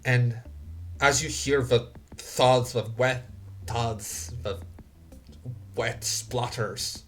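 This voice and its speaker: A man's voice: medium pitch, steady tone, faint music behind. A man narrating grim scenes as game master in a tabletop game. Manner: slow, grim scene-setting.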